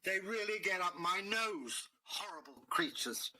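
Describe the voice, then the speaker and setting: A man's voice: high voice, lively intonation, a little slow, bright, forceful tone, a little hiss or hum, voice pushed up, full character voice, low-quality recording. A man voicing a posh, grumpy dragon. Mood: threatening. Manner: plummy and fussy, then threatening. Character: pompous grumpy male dragon, posh and theatrical.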